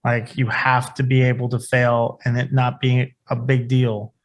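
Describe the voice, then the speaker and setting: A man on a business podcast talks in a loose, offhand way, filling his sentences with "like" and tagging them with "right?". His pitch sits in an ordinary middle range. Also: monotone, a little slow. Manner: loose and conversational, many "like" and "right?" tags. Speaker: podcast co-host. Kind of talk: casual podcast chat.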